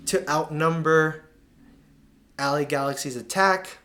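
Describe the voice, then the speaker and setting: A man with a slightly raised voice talks through soccer clips, pausing to point out mistakes. He sounds casual and exasperated, tossing in slang as he critiques the players. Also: a little high, sharp tone, slight background noise. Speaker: soccer analyst. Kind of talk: video breakdown commentary.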